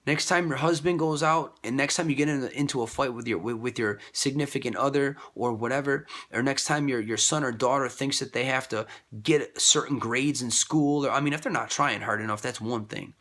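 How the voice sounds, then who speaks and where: A man giving a rambling casual monologue about faith and love, repeating himself and jumping high in pitch when he quotes others. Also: a little fast, hardly any pauses, a bit bright.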